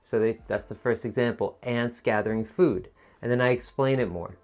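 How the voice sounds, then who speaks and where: A man's voice: medium pitch, normal speed, a little mellow. Encouraging male test-prep teacher. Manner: encouraging, explains step by step with examples.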